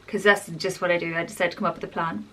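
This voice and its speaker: A woman's voice: fairly low pitch, fairly even intonation, quick pace, fairly bright tone. A woman talking openly in a personal vlog, rambling and confessional in a chatty way. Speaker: vlogger.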